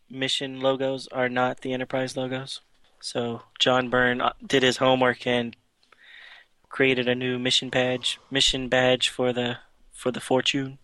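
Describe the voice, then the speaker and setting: A man's voice: mid-range voice, fairly bright tone, smooth, no echo. A man co-hosting a podcast, chatting casually and rambling through a comic recap with many fillers and restarts. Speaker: podcast co-host.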